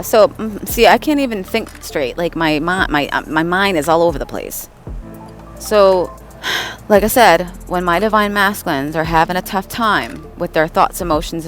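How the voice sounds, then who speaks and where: Woman, low voice, rambling casual vlog talk, soft music underneath. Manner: rambling, restarts often, frequent "right?". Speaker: channeler and astrology vlogger. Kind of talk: casual spiritual vlog with read-aloud horoscopes.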